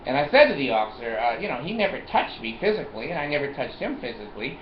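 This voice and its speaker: A man's voice: medium pitch, very animated, fast talker, a little hiss or hum. A man telling a personal story in a vlog, acting out the dialogue, laughing and swearing as he goes. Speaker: vlogger. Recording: echoey, dull lo-fi room recording.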